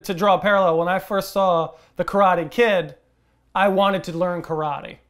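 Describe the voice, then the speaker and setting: A man's voice: sits high, fairly even intonation, normal speed, soft background music. A man co-hosting a film podcast in casual chat, talking emphatically and laughing often. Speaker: podcast co-host.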